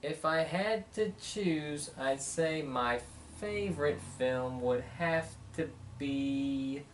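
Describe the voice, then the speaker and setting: A man's voice: fairly high pitch, slow pace, far from the mic, slight background noise. A man answering viewer questions in a casual vlog, rambling and chatty, with many fillers. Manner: rambling, chatty, lots of "you know" and "uh". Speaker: vlogger.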